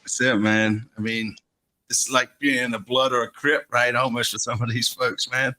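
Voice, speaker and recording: A man's voice: medium pitch, little pitch movement, moderate pace, sharp tone. A man co-hosting a casual soccer fan podcast, laid-back, laughing often and swearing casually. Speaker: podcast co-host. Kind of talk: casual chat.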